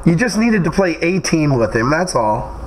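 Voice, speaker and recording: A man's voice: fairly high pitch, sing-song, normal speed, slight background noise, poor audio. A man interviewing a guest, chatty and teasing, who laughs easily. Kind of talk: casual interview questions.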